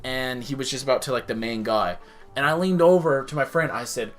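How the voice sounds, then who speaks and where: A man's voice: medium pitch, a little fast, soft background music. A man hosting a casual podcast, telling stories with lots of swearing and acted-out quotes. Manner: animated storyteller, swears, acts out quotes. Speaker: podcast host.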